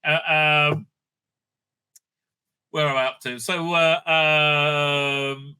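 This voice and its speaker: A middle-aged man, a rabbi, rambling through casual commentary in a profane, animated rant full of restarts and asides. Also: a little high, extremely slow, smooth.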